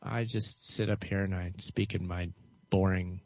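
Man, low voice, flat monotone, cynical rambling vlog talk, lo-fi dry sound. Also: a little slow, gravelly, no room sound. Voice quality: monotone, dull tone. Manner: cynical, hesitant with many fillers and restarts. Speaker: vlogger. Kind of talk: rambling solo commentary. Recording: dull lo-fi dry recording.

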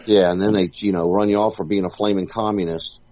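Wry low-voiced panelist. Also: male voice, steady tone, quick pace, highs cut off, a crowd in the background. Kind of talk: panel talk show.

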